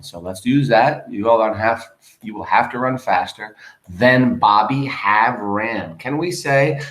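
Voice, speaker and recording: A man's voice: medium pitch, a bit bright. A man teaching a grammar lesson, patiently explaining step by step and asking his students questions. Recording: roomy echo.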